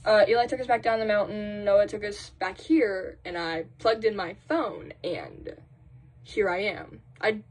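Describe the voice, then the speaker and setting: A woman's voice: mid-range voice, lively intonation, a little slow, darkish tone. Chatty young woman rambling to her camera. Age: young adult. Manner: chatty and rambling, full of fillers and dramatic sighs; quotes friends in a raised voice. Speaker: college vlogger. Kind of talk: casual chat to camera. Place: indoors at home, doing laundry.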